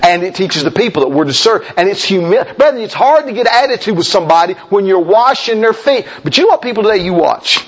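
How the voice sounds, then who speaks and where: A man's voice: expressive, fast talker, hardly any pauses, muffled recording. A man preaching a folksy, emphatic sermon as a pastor, talking straight to his congregation. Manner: folksy, emphatic preaching, mimics objectors in a high voice.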